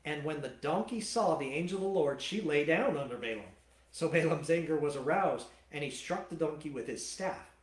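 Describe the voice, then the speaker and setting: Animated pastor teaching in a roomy hall. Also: male voice, fairly high pitch, normal speed. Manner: animated, colloquial storytelling. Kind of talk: sermon, Bible teaching.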